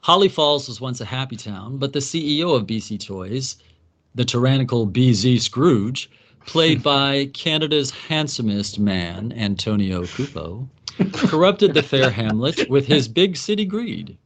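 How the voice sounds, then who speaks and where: A man giving a wry, comic recap of a story, with quick asides in the characters' voices. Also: mid-range voice, lively intonation, fairly bright tone.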